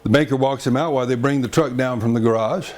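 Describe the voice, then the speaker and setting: A man's voice: mid-range voice, quick pace. Chatty man telling folk jokes. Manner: chatty, with frequent fillers and asides to the audience. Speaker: storyteller. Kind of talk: live folk-tale storytelling.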